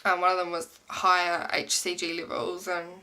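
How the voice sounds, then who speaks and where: A woman's voice: on the low side, completely flat delivery, moderate pace, bright, forceful tone. A young woman talking casually to camera about her pregnancy, rambling with many "um"s and "like"s. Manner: rambling, many ums and likes. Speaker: pregnancy vlogger. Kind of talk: casual pregnancy update vlog.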